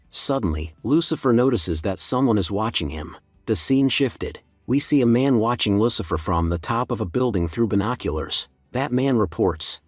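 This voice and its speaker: A man narrating a story recap in an even, steady delivery. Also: fairly low pitch, moderate pace, no echo, faint music behind.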